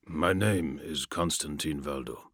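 A man's voice: no echo, clean studio sound, heavily acted. A man voicing a towering male assassin in golden armour, speaking in a cold, resonant, emotionless way in an audiobook. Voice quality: very deep, resonant, flat. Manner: cold, measured, without emotion. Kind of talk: audiobook character voice.

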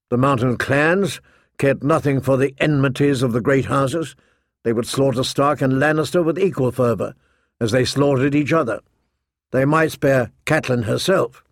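A man narrating a fantasy audiobook in an even, measured storytelling voice. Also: medium pitch, no echo, studio quality. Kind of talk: scripted narration.

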